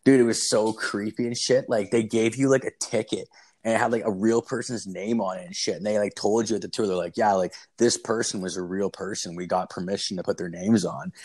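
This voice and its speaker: Husky-voiced young man rambling profanely. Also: on the low side, fairly even intonation, fairly quick, a little mellow. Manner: rambling, profane, constant "like" fillers. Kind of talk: casual storytelling chat.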